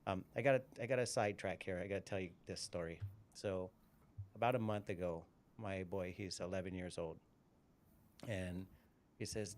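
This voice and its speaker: A middle-aged man with a low-pitched voice hosts a casual live chat. He rambles and restarts, repeating words as he tells stories about work and family. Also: steady tone, normal speed. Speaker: podcast host.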